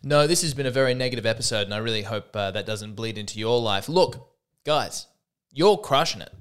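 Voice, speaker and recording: Hosting his podcast solo, a man chats casually in a rambling, self-deprecating way, full of fillers. He speaks fairly quickly in a clear, resonant, medium-pitched voice with lively intonation.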